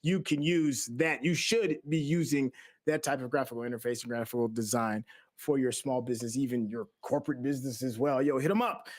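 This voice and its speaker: A man hosting a podcast, wrapping up the show with slangy, energetic shout-outs. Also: medium pitch, fairly quick. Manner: hype, slangy, friendly. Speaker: podcast host.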